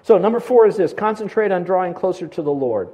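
An older man preaching a sermon as a pastor, telling stories with lively swings between loud and hushed delivery and stumbling over repeated words when excited. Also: high-pitched, quick pace, poor audio.

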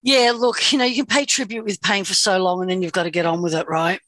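An Australian woman hosts a podcast with a bright, forward voice. She talks frankly and casually and drops homely sayings. The sound is dry and close. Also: medium pitch, steady tone, fast talker, no room sound. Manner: chatty, frank, speaks in folksy sayings. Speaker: podcast host.

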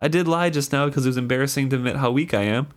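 A man's voice: mid-range voice, pitched above the performer's own voice, natural voice. A man reading the part of a weak, dizzy young man who stammers as he tries to explain himself. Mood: pleading. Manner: halting, stammering.

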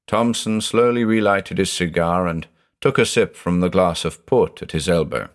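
Deep-voiced male story narrator. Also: normal speed. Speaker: audiobook narrator.

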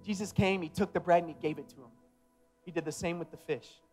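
A male pastor preaching a sermon in a casual, emphatic way that builds to loud passion. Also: fairly high pitch, fast, faint music behind.

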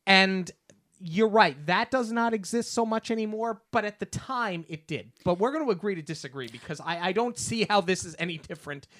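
Opinionated co-host from New York, argues with plenty of ums, mid pitch, dead-dry recording. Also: fairly quick, a bit bright, no echo. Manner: opinionated, argumentative, many fillers and restarts. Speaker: podcast co-host. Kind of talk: casual review chat.

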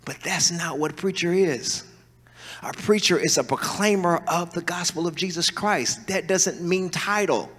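Animated preacher man in a ringing hall. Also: high voice, moderate pace. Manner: animated, folksy storytelling with call-and-response. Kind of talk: sermon. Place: large church hall. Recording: reverberant church hall.

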